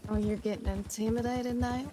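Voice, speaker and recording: A woman roleplaying in a game, talking slowly in a put-on posh accent. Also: on the high side, fairly even intonation, noisy background. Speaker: roleplay player. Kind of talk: in-character roleplay chat.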